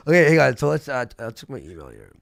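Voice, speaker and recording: Gravelly young man rambling through gossip. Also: medium pitch, sing-song, fast, fairly bright tone. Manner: rambling gossip storyteller, swearing, laughing. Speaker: streamer host. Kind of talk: casual livestream chat.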